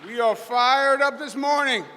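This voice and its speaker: A man's voice: extremely high pitch, measured pace, pushed and bright, slight background noise. A middle-aged man with a Queens, New York accent giving a folksy, emphatic rally speech to a crowd. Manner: folksy, emphatic, punchy crowd-rousing delivery. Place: large hall with a live audience. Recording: echoey hall PA sound.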